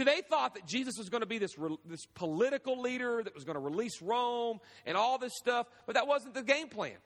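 Male pastor, high bright voice, animated storytelling sermon, echoing hall. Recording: echoey hall with long reverb.

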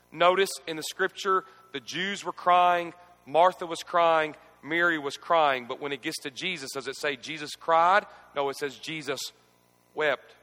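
A man preaching a sermon, asking the congregation to repeat scripture with him and moving between quiet reflection and emphatic questioning. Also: fairly high pitch, a little slow, big-room sound. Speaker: pastor. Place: church.

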